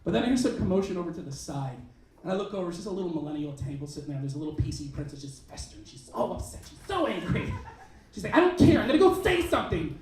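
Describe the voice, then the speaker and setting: A man doing stand-up in a comedy club, his voice pitched high and swinging wildly as he acts out little characters. The sound is very echoey and a touch distant, like a room mic picking him up from across the club. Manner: animated, acts out characters in quick bits. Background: audience laughter.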